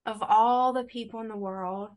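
A middle-aged woman telling her faith testimony in a relaxed conversation, animated and acting out the voices she quotes. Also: fairly high pitch, moderate pace. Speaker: guest.

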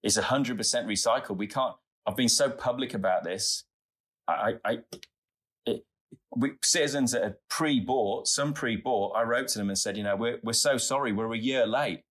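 A man's voice: medium pitch, normal speed, a bit bright. A middle-aged Australian man telling earnest, chatty stories as a guest in a casual interview. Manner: earnest, chatty, tumbling anecdotes. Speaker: podcast guest, founder.

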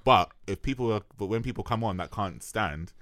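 A man's voice: lowish voice, animated, a little fast, a bit bright, dry recording, studio quality. A young man, co-hosting a podcast in laid-back casual chat and laughing often. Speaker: podcast co-host.

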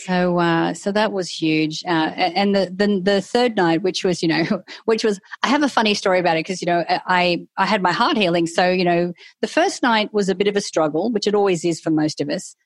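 A woman's voice: lowish voice, fairly quick, hardly any pauses, dry recording. A middle-aged woman, a guest telling a candid personal story in a casual interview and acting out her own inner voice.

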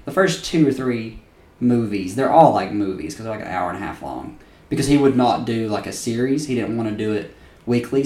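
A man's voice: medium pitch, darkish tone, echoey room, recorded from a distance. A man co-hosting a podcast in casual chat, enthusiastic and loose, swearing freely as he gushes. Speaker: podcast co-host.

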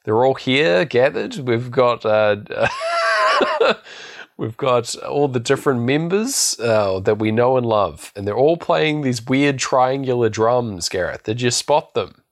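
A man's voice: medium pitch, huge pitch swings, takes it slowly. A man co-hosting a podcast, recapping a film in a rambling, storytelling way and laughing often. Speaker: podcast co-host. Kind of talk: casual film recap chat.

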